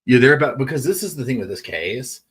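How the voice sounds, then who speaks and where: A man's voice: mid-range voice, very animated, quick pace, a bit bright, recorded from a distance. A man hosting a live true-crime chat stream, rambling casually and reading viewer messages aloud. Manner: chatty, rambling, many restarts, reads chat messages aloud.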